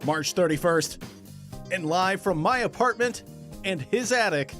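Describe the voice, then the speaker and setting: A man announcing a talk show and its host in a booming radio-style delivery, recorded from a home attic. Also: lively intonation, measured pace, fairly bright tone, soft background music.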